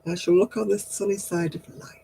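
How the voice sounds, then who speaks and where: A woman's voice: medium pitch, fairly even intonation, fairly quick, gravelly, mellow, slight background noise, low-quality recording. A woman hosting a livestream craft night, who chats casually, tells stories and laughs at herself often. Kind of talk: casual chat.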